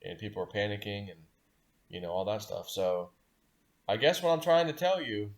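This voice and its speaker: A man's voice: lowish voice, normal speed. A man telling his viewers about a dream in a casual, rambling way, restarting phrases and chuckling at himself. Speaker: dream-sharing video host. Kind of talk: casual storytelling to camera.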